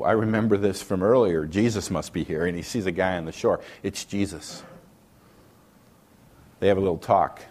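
Reading scripture aloud during a sermon, a male pastor drives his points home. His delivery swings widely in both pitch and loudness.

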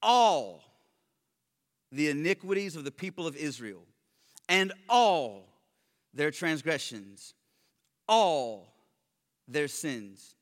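Man preaching, fairly high voice, bright tone, loud emphasis then quiet asides, long hall reverb. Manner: swings between loud emphatic stresses and quiet low asides, with joking remarks. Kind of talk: sermon.

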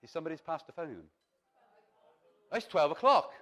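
A man preaching a sermon in a theatrical, animated way, acting out the lines he quotes. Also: on the high side, brisk. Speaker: pastor.

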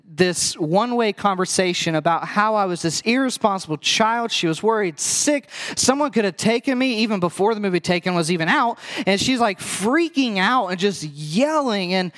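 A young adult man preaching, with an animated personal story that acts out past scenes and throws quick asides to the audience. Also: sits high.

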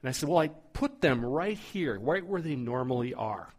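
A middle-aged man preaching a sermon, telling a story in a conversational, animated way as the pastor. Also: mid-range voice, normal speed.

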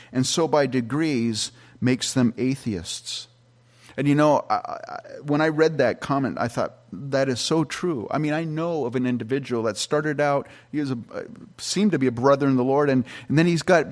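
A middle-aged man, a pastor, giving a conversational Bible-teaching sermon with frequent restarts and fillers. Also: mid-range voice.

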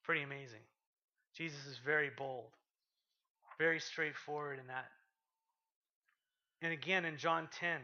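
Animated pastor, bright lo-fi sermon. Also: male voice, a little high, a little slow, pauses often. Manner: animated, reads scripture aloud with rising intensity, drops to quiet asides. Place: church. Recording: lo-fi sermon podcast recording.

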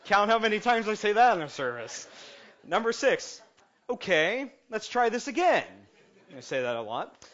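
A man preaching a lighthearted sermon as pastor, joking with his congregation before settling into calm, earnest preaching. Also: high-pitched, normal speed. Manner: jokey and animated, then calm and earnest. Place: church sanctuary. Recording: muffled lo-fi sound.

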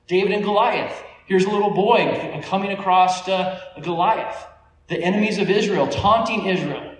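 A man preaching a sermon, telling stories in a conversational, animated way with small laughs. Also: high-pitched, a little hiss or hum. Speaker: pastor. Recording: echoey room, voice from a distance.

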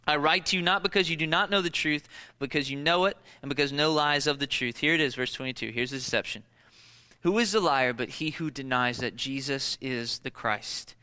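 A man in his thirties preaches in a loose, chatty way, leaning on filler words as he tells stories. His voice sits high and sounds very bright and crisp, and it leaps higher still when he wants to stress a point. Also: brisk. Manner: conversational storytelling with many fillers; animated, jumps up in pitch for emphasis. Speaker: pastor. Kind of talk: sermon.

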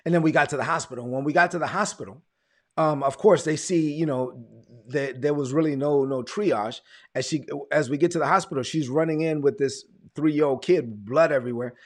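A man's voice: on the high side, fairly quick. A man, a pastor telling his testimony in a sermon, repeating words as he tells the story. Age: 40s.

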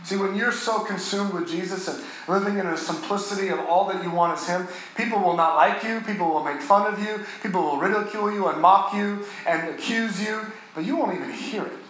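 A man preaching a sermon as pastor, earnest, rising and swelling on key phrases and dropping soft and low on tender moments. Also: fairly quick, hardly any pauses, heavy reverb, a little hiss or hum, poor audio.

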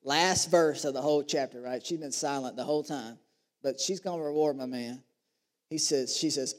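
A man's voice: on the high side, normal speed, long reverb tail. A man preaching a sermon, reading scripture aloud and joking with the congregation. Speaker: pastor.

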